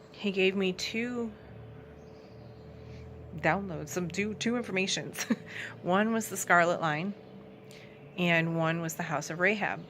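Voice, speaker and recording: Woman, young adult, lowish voice, earnest, conversational, personal testimony. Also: fairly bright tone, slight background noise. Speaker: outreach ministry founder.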